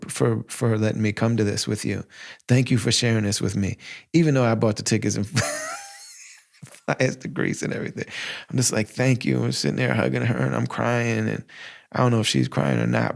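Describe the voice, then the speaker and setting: With a medium-pitched voice carrying vocal fry, a man in his 40s hosts a podcast and recounts something personal. He's relaxed and sincere, often breaking into animated asides where he quotes his own words.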